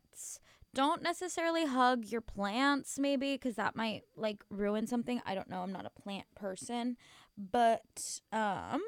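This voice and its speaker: A woman's voice: on the high side, lively intonation, a little slow, no room sound, studio quality. A young woman hosting a show, telling a story in a chatty, dramatic, giggly way with lots of slang. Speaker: radio host. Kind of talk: casual chat.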